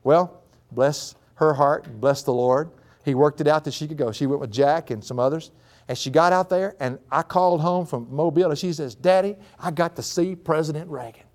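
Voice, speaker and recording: A middle-aged man preaching a folksy sermon before a live audience, telling a family story and laughing often, his voice climbing high when excited. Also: moderate pace.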